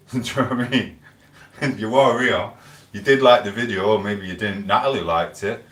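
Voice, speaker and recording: A man's voice: on the low side, normal speed, fairly bright tone. A man, chatting and rambling through stories on a live stream, quoting back-and-forth conversations. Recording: echoey room, voice a bit far from the mic.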